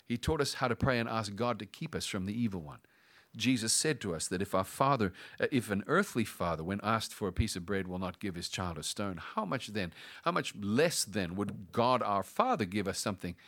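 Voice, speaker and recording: A middle-aged man delivers a sermon in a fairly low voice. He drags key phrases out with long dramatic pauses and now and then sinks into a hushed whisper. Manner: preaching with dramatic pauses, dropping to a whisper at times. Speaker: pastor.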